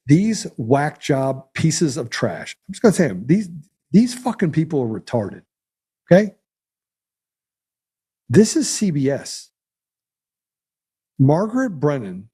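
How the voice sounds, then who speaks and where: A man's voice: mid-range voice, warm tone, breathy edge. A man hosting a podcast, commenting in a blunt, heated, sarcastic way. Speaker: podcast host. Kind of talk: casual commentary.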